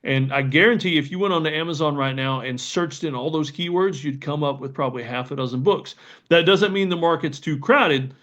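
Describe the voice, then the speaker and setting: A man's voice: fairly high pitch, fairly quick, fairly bright tone. A man hosting a podcast, talking casually and enthusiastically with many fillers and restarts. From Southern United States. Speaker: podcast host. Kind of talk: casual solo podcast talk. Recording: slightly dull lo-fi audio.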